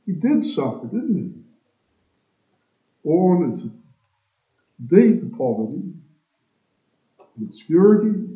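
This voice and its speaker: A man preaching a sermon to his congregation, slow and emphatic, asking rhetorical questions. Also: a little high, big pitch swings. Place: church. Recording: echoey, dull church recording.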